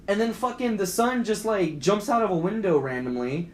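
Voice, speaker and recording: Young male co-host, fairly high voice, rambling and profane, echoey room. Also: sing-song, fairly quick, hardly any pauses. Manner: rambling, profane, acts out quoted lines in a higher voice. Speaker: podcast co-host. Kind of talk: casual movie rant. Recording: echoey room with faint background noise.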